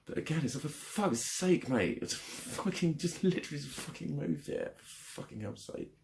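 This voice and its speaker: A man's voice: on the high side, very animated, moderate pace, gravelly, a little mellow, slight background noise. A young man venting angrily in a personal vlog, swearing heavily and retelling a frustrating phone call. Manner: angry, frustrated, heavy swearing. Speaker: vlogger. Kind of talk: ranting vlog.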